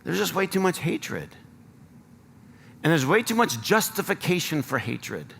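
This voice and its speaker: A man's voice: on the high side, very animated, a little slow, vocal fry, a bit bright, slightly rough, long reverb tail. An American man preaching a sermon as pastor, earnest and rising to emphatic appeals. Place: church sanctuary.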